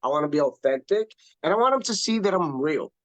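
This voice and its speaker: A man coaching on social media in a casual online talk, emphatic and animated, often repeating himself for effect. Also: a little high, fast, dry recording. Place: online video call. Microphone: video call.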